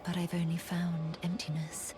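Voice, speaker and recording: A woman voicing a solemn, lonely woman preparing to depart, speaking in a hushed, resolute manner as whispered role-play. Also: lowish voice, completely flat delivery, normal speed, music in the background, close to an everyday voice. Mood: somber.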